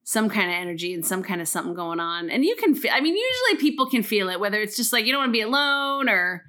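A woman in casual chat, telling an animated story with lots of swearing and fillers. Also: medium pitch, fast talker.

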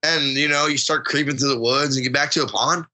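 A man co-hosting a casual hunting chat, rambling and animated, acting out what he said to himself along the way. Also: fairly high pitch, quick pace, low-quality recording. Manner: rambling, animated, acts out quotes. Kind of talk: casual chat about duck calling.

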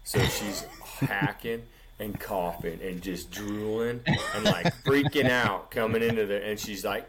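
A man with a low, deep voice tells a rambling, animated story on a casual podcast. He drops "dude" into almost every sentence. A murmur of people talking sits behind him. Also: unhurried, few pauses, a crowd in the background. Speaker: podcast co-host.

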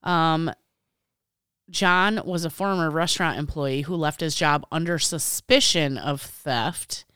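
A woman from Illinois with a very low voice reads a story on a podcast and tosses in blunt, offhand asides. Her voice is very smooth and clear. It is recorded dry and close. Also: takes it slowly, fairly bright tone, no room sound. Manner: blunt, offhand reader who adds wisecracks. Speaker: podcast co-host. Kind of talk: casual chat, reading a story aloud.

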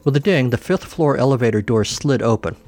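A man narrating a comic story in a dry, deadpan manner, shifting his pitch for each character. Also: fairly quick, slight background noise. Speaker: podcast host reading a story.

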